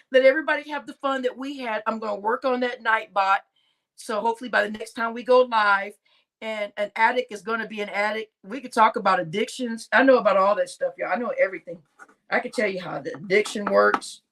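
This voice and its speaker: A woman's voice: a little high, fairly bright tone. A woman hosting a casual live stream, chatting and laughing with her viewers and addressing them as y'all. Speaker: livestream host.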